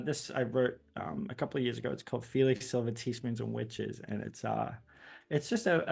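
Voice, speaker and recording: A man from England, a guest in a casual interview, talking in an animated way and laughing often. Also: medium pitch, creaky.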